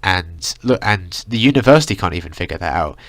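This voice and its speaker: A young man vents in a heated, swearing vlog rant, stuffed with "like" and "you know". His voice sits low for a man. The sound is dry and close, with no room echo. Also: expressive, a little fast, fairly bright tone. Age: young adult. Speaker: vlogger. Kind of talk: ranting vlog monologue.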